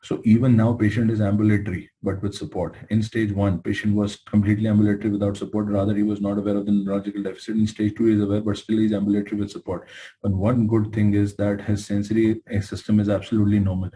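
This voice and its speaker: Middle-aged male lecturer, Indian English accent, emphatic storyteller, narrow and steady intonation. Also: lowish voice, fast. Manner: animated storytelling, emphatic and exasperated. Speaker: medical lecturer. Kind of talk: lecture with acted patient dialogues.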